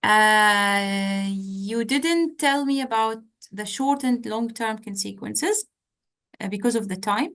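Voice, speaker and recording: A woman's voice: medium pitch, takes it slowly, a bit bright. A woman tutor giving direct, coaching feedback in an online session, often checking in with "okay?", heard over a video call. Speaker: medical exam tutor.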